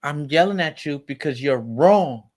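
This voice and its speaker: A man in a heated family argument as a father, talking in a raised, forceful, lecturing way. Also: a little high, lively intonation, normal speed. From United States.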